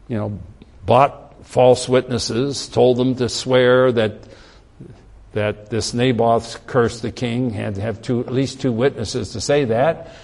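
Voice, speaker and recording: A man's voice: medium pitch, a little mellow. A man preaching a sermon, telling a story and acting out its characters' lines with emphatic rises. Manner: storytelling, acts out voices in quotes, emphatic rises.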